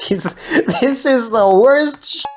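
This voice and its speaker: A woman hosting a cubing video, giving nervous, excitable running commentary with frequent swearing and laughter. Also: on the high side, extremely slow, faint music behind. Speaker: speedcubing channel host. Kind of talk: casual vlog commentary while playing. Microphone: GoPro camera.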